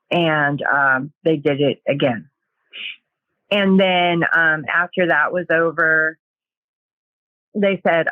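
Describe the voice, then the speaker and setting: A woman sharing a personal testimony in a hesitant, halting way, pausing often as she recounts her story. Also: low-pitched, no room sound, phone-quality sound. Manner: hesitant, halting, with many pauses.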